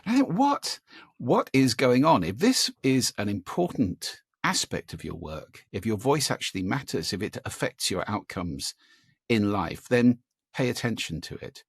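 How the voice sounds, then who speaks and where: A man with a gravelly, husky voice sits down for an interview and explains his ideas with lively, demonstrative energy. His voice sits fairly low, and the sound is dry and close. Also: normal speed, no room sound. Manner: animated, demonstrative, gives vocal examples. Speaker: guest, speaker on voice and listening.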